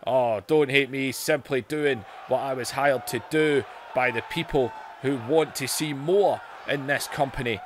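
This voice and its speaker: A man impersonating a tough male wrestling enforcer who shouts defiant promos at the company boss in a wrestling video game. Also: medium pitch, a little slow, hardly any pauses, slight background noise, natural voice.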